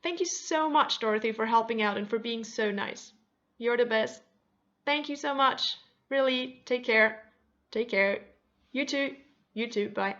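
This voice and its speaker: A high-pitched caller on a complaint line, acted out by a woman, piling on sweet thanks and apologies while firmly insisting on what she needs. The recording sounds dull and lo-fi. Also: fairly even intonation, moderate pace, a bit bright. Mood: sweet but firm. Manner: overly sweet thanks mixed with firm demands. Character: friend on a complaint call, polite but firm.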